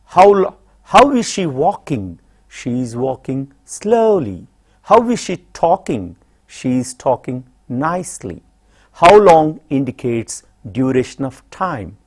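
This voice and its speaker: A middle-aged man with an Indian English accent teaching a classroom grammar lesson, slowly and deliberately repeating example questions and answers. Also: medium pitch, very animated.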